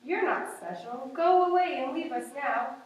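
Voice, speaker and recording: A woman's voice: sits high, moderate pace, close to an everyday voice. A woman doing rude storybook elephants. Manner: dismissive, rhyming. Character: rude haughty elephants, a group. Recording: echoey room, far from mic.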